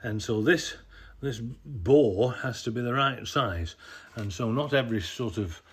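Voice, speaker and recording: A man with a medium-pitched, breathy voice and a measured pace films himself beside his jacked-up off-roader. In this casual, hands-on how-to vlog, shot on a handheld camera, the owner explains his work in a rambling way, often correcting himself.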